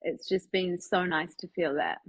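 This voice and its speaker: A bubbly woman chats as a guest on a live stream and rambles along happily. Her voice is husky and dry, with a middle pitch. It sounds like a video call. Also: moderate pace, no room sound, rough recording. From New Zealand. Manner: bubbly, laughs often, rambling. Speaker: guest, sex coach. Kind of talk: casual chat on a live stream.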